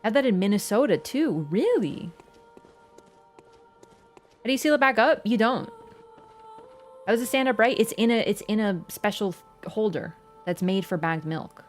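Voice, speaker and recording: A woman's voice: mid-range voice, expressive, measured pace, long pauses, soft background music. Chatty Canadian woman streaming a game. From Ontario, Canada. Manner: chatty, rambling, full of "like" fillers. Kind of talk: casual livestream chat while gaming.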